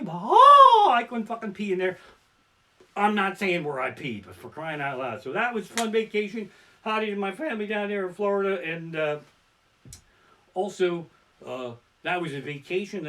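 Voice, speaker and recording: A man's voice: fairly high pitch, fairly bright tone. A man doing a profane, crude stand-up set, live-streamed from his living room. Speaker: stand-up comedian. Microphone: barebones home streaming mic.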